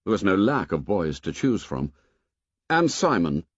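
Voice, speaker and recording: Lively man narrating a storybook. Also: sits low, moderate pace, slightly rough, no room sound, highs cut off. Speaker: audiobook narrator. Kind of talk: scripted narration.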